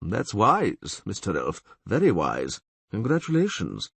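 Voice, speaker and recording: A man voicing a calm, wistful elf in an audiobook, quiet and wry. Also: lowish voice, a little slow, creaky, slightly rough, no room sound, full character voice. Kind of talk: audiobook character voice.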